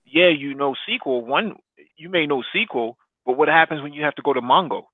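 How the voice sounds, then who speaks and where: A man's voice: fairly high pitch, brisk, no echo. Man talking tech on a tinny line. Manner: explanatory, many fillers and restarts. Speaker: podcast co-host. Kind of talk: casual economics discussion. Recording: dry tinny phone-like line.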